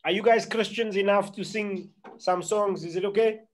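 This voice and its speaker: A man's voice: high voice, fairly even intonation, normal speed. A man with a South African English accent, presenting chattily and upbeat to a church group on a video call. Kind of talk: casual online meeting presentation.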